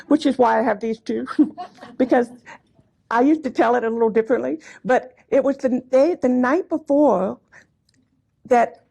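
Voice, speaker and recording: Older woman, storyteller at a gathering; light, high voice, mellow tone, chatty with asides. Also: creaky. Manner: chatty, warm anecdotes with frequent laughs and asides. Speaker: speaker at a commemorative gathering. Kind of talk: personal storytelling talk. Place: hall before a live audience.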